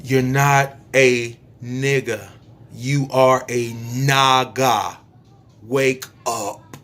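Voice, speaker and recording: A man delivering a spiritual preaching monologue to his viewers, emphatic and repetitive, stretching out phrases and suddenly dropping to a soft near-whisper. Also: mid-range voice, fairly even intonation, extremely slow. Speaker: YouTube speaker.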